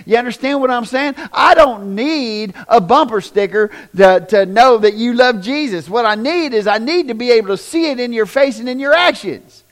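A man's voice: very high voice, normal speed, few pauses. A middle-aged man preaching a sermon in a church, folksy and joking, speaking straight to his congregation. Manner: animated, folksy and joking, addresses congregation directly. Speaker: pastor.

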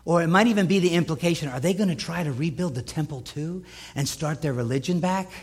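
A man with a notably high voice delivers a sermon from the pulpit. He preaches emphatically, stacking points and repeating phrases to drive them home. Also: quick pace, husky. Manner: emphatic, building repetition.

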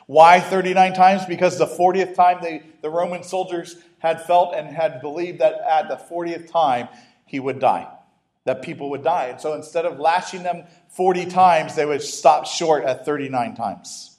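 A man's voice: on the high side, moderate pace, a little mellow. Conversational preacher, a man with asides. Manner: conversational, with self-interrupting humorous asides. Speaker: pastor. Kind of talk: sermon.

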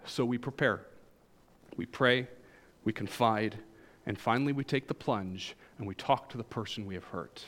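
A man delivers a sermon as a pastor, talking it through like a story with wry humor. His voice sits in an ordinary middle pitch, climbing to emphatic highs and then dropping into soft, low asides. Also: moderate pace.

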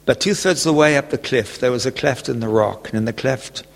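Male preacher, gravelly voice, gentle storytelling, long hall reverb. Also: mid-range voice, brisk. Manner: gentle storytelling, chuckles often. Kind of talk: sermon with personal story.

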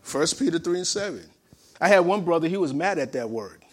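A man's voice: on the high side, animated, a little fast, slight background noise. A male pastor preaching a sermon to a congregation, often repeating phrases and asking them questions.

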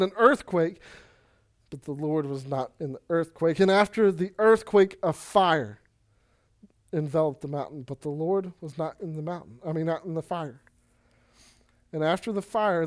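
A man preaching a sermon in a casual, energetic way, with quick asides and Bible readings. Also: on the high side. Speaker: pastor.

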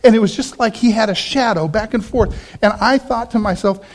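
Middle-aged guy preaching, fairly high voice, tells stories and acts out quotes. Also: brisk. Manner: storytelling, animated voices for quoted people. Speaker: pastor. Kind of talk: sermon.

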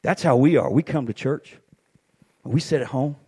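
A middle-aged man preaching a sermon, telling stories with animated swings up to shouted peaks. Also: medium pitch, normal speed, husky.

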